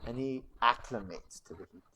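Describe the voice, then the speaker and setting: A woman's voice: a bass voice, normal speed, sharp tone, a little hiss or hum. A woman streamer telling a goblin legend in rambling, broken goblin-style grammar, with chatty asides. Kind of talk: casual livestream storytelling.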